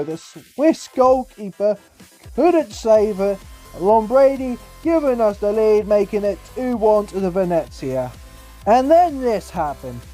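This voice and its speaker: A young man giving casual commentary over football game highlights, exasperated and swearing about his team. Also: mellow. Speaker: gaming YouTuber.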